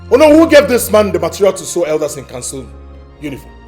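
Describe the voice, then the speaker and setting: An arrogant Nigerian prince, lively and a bit high-pitched, scornful and bragging. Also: male voice, quick pace, soft background music. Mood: mocking. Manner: boastful, mocking, shouting out bursts. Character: arrogant young prince grabbing for the throne.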